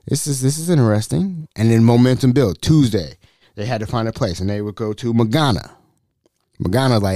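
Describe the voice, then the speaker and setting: A man in his thirties tells a story on his podcast in a warm, relaxed voice. His pitch jumps all over as he acts out every quote. The close mic sounds dry. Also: a little fast, pauses often, no room sound, soft background music. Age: 30s. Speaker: podcast host. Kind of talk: casual storytelling.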